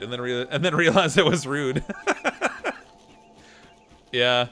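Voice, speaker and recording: A man's voice: medium pitch, steady tone, normal speed, pauses often, sharp tone. Chatty Canadian man, laughing often. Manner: chatty, laughs often, reads chat comments aloud. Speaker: gameplay streamer reading chat. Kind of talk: casual chat while gaming.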